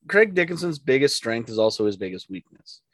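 A man's voice: medium pitch, sing-song, a little fast, no echo. Man, casual sports podcast chat, opinionated, jokey, stumbling restarts, dry room. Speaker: podcast co-host.

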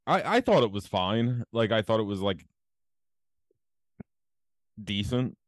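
Deep-voiced man rambling casually. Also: expressive, slow pace, no room sound, clean studio sound. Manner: rambling, profane, many fillers. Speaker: podcast host. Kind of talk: casual chat.

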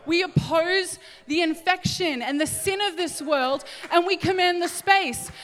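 A middle-aged woman preaching a sermon, animated and acting out little scenes in different voices. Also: very high voice, measured pace. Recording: echoey hall with long reverb.

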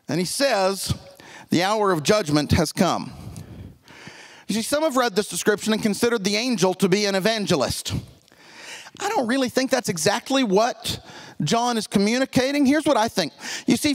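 A male pastor preaching a sermon in a church, emphatic, dropping his voice low to stress key points.

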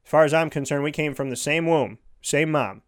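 A man's voice: fairly high pitch, normal speed. A man giving an earnest, heartfelt motivational monologue, repeating his points for emphasis.

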